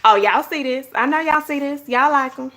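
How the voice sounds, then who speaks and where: A talkative woman runs a casual craft tutorial livestream. Her voice sits a bit high, and she keeps turning to viewers as "y'all" and "honey." A faint hiss runs under the recording. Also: moderate pace, a bit bright. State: out of breath. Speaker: planner-craft livestream host.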